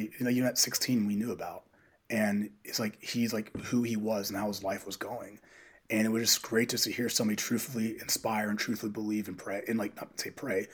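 Male coach, lowish husky voice, chatty and animated storyteller on a podcast. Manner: animated, quotes people in dialogue. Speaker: high school coach, podcast guest. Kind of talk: casual interview storytelling.

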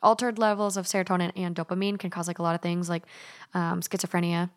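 A woman's voice: lowish voice, fast. Chatty young woman in casual talk. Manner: chatty, animated, quotes others in put-on voices. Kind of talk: casual chat.

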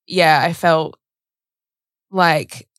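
A woman's voice: deep voice, steady tone, very slow, no echo. A young woman on a casual podcast, telling a personal story in a rambling way, full of fillers and acted-out bits of dialogue. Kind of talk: casual chat.

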